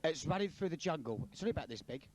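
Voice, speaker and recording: A man telling crude jokes in a pub, animated and laughing at his own lines. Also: fairly high pitch, fast, a little hiss or hum. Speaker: joke teller.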